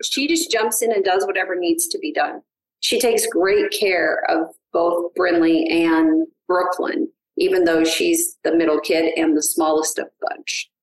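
A woman's voice: fairly low pitch, unhurried. Eager middle-aged woman in an echoey room. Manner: eager, animated storyteller. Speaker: guest, adoptive mother. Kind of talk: casual podcast interview. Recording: roomy echo.

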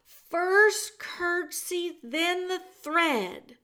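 A woman voicing a loud, clumsy twelve-year-old serving girl who is hard of hearing and talks in blunt, rustic speech. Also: very high voice, expressive, very slow, pitched above the performer's own voice, exaggerated voice. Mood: blunt, earnest.

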